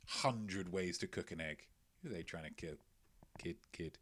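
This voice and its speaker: A man's voice: deep voice, moderate pace, fairly bright tone. A man hosting a casual livestream quiz, playful and chatty, often repeating his own phrases. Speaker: quiz host.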